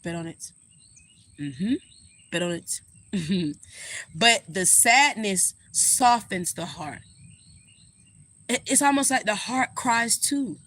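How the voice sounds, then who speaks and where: A woman giving a casual astrology reading. She talks straight to her viewers in a sassy, animated way and swears freely. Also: mid-range voice, slow, pauses often. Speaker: astrologer and spiritual reader.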